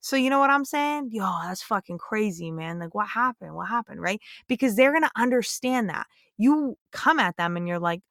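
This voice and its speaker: A woman's voice: on the high side, animated, normal speed, hardly any pauses, fairly bright tone, no echo, clean studio sound. A young woman and police officer hosting a podcast, lecturing listeners bluntly and emphatically, with plenty of swearing. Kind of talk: blunt opinionated monologue.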